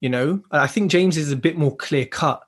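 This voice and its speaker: A man's voice: on the high side, moderate pace, a bit bright. A man hosts a casual podcast chat and talks in a chatty, reflective way. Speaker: podcast host.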